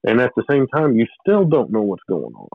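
A man's voice: mid-range voice, wildly swooping pitch, a little fast, slightly rough, dry recording, phone-quality sound. A man telling a personal spiritual story in a rambling way, with restarts and short laughs. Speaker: guest telling his testimony.

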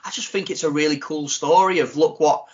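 A man hosting a podcast, chatting casually with jokey, animated banter. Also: fairly high pitch, fairly quick. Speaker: podcast host. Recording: dull lo-fi sound.

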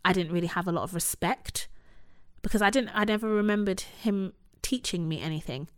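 A woman in her thirties tells a personal story in casual conversation, candid and full of "like" and "you know." Her voice is medium-pitched and brisk.

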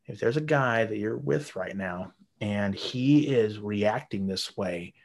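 Man, 30s, lowish voice, rambling crude storyteller, casual podcast chat. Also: takes it slowly, gravelly. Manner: crude, rambling, swears often. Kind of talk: casual anecdote.

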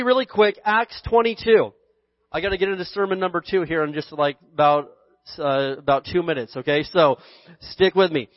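High-pitched guy preaching casual and jokey, dry dull sound. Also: dry recording. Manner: folksy and joking, acts out quoted voices. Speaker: pastor. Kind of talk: casual conversational sermon.

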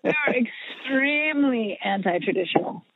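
A woman's voice: high-pitched, lively intonation, normal speed, slight background noise. Woman on a tinny phone line. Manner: chatty, lots of fillers and restarts. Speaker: podcast guest, musician. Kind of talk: casual interview storytelling. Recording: husky, dry, phone-like line.

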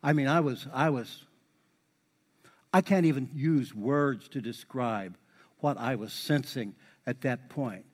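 A middle-aged man preaching a sermon in a folksy way, repeating key lines for emphasis and building into lively exhortation. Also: medium pitch, slow pace, long pauses. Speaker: pastor. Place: church sanctuary. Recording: long hall reverb.

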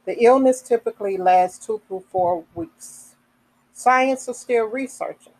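Woman podcaster reading off health info, slow and careful, lots of ums, stops to chat a bit. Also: on the high side, expressive, creaky, darkish tone, poor audio. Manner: reads slowly with fillers and self-corrections; adds casual asides. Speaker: podcast host. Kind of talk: reading health information aloud.

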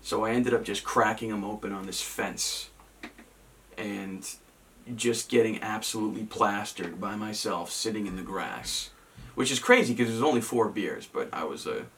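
Rambling young man, low voice, distant mic. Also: normal speed, a bit bright. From Massachusetts. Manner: rambling, self-mocking, many ums and restarts. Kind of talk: casual storytelling chat.

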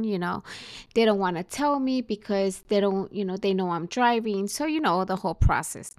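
A woman tells a story in a relaxed podcast chat. She slips into the voices of the people in it as she goes, keeping a mid-range pitch and an easy, conversational pace. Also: moderate pace. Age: adult mother. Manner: animated retelling, acts out dialogue. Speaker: podcast host.

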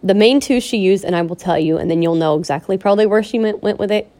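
A woman vlogger ranting in a raw, personal way. Her voice sits at an ordinary middle pitch, and she pleads again and again, stumbling into restarts as she presses her point. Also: mellow. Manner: pleading, repetitive and upset, with halting restarts. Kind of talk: emotional personal vlog rant.

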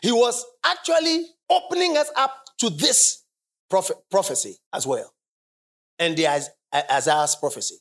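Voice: mid-range voice, lively intonation, a little slow. A preacher giving a sermon in a church service, stressing points by repeating phrases and drawing call-and-response from the congregation.

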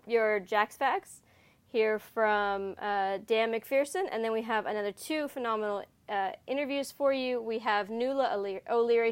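A woman co-hosts a podcast with a somewhat high voice. She rambles casually with fillers and laughs easily. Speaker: podcast co-host.

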